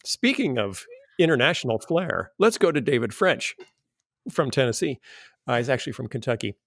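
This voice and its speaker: A man's voice: medium pitch, big pitch swings, moderate pace, a bit bright, dry recording, clean studio sound. A man hosting a casual podcast panel, teasing his co-hosts with a wry humor and reading quoted passages aloud with emphasis. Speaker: podcast host.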